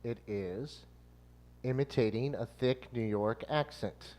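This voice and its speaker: A man's voice: medium pitch, slow, a little mellow. A man co-hosting a casual podcast in an upbeat, playful way. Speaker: podcast co-host.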